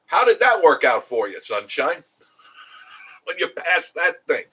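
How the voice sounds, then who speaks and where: A man's voice: fairly high pitch, sing-song, slow pace, sharp tone, breathy edge, poor audio. A middle-aged man hosting a casual live stream, rambling and chuckling as he answers viewer comments.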